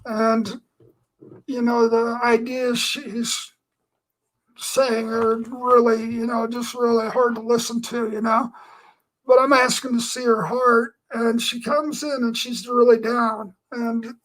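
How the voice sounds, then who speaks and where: A man's voice: very high voice, little pitch movement, takes it slowly, fairly bright tone, rough recording. A man giving an earnest personal testimony, telling his story in a meandering way with lots of filler phrases. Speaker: Christian speaker.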